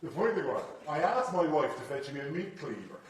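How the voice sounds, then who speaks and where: A middle-aged Irish man, a comedian guest telling stories in swearing, animated chat. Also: fairly high pitch, a little fast. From Ireland. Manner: animated storyteller, swears freely. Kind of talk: anecdotal chat. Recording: echoey room, far from the mic, loud noise.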